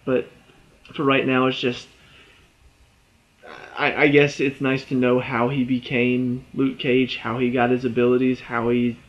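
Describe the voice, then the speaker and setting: A man talks through a TV episode review in a loose, chatty way, with lots of fillers and side remarks. His voice sits at a middling pitch. The recording sounds a little dull and lo-fi. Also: completely flat delivery, a little slow, long pauses. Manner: rambling, chatty, many fillers. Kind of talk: casual spoken review.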